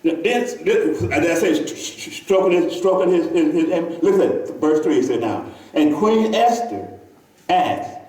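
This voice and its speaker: Heard from far off in an echoey church sanctuary, a man preaches a sermon in a conversational way, calling out to the congregation and repeating himself often. His voice is a little high, animated and warm, with a measured pace and few pauses.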